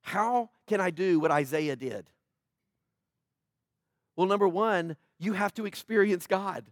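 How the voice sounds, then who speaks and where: Male pastor preaching, high voice, dry close sound, swings from loud declarations to hushed asides. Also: measured pace, no echo. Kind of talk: sermon.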